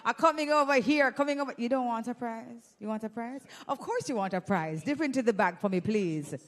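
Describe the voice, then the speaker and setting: This Jamaican woman hosts a live event with a handheld mic, teasing the crowd and running prize games. Her voice is a little high and brisk, and her manner is playful, teasing, and full of energy.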